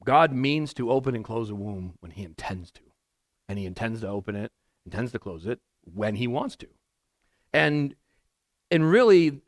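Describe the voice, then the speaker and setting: A man's voice: mid-range voice, dry recording, studio quality. Casual, rambling man preaching a sermon. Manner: casual and rambling, with many restarts and asides. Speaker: pastor. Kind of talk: conversational expository sermon. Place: church sanctuary.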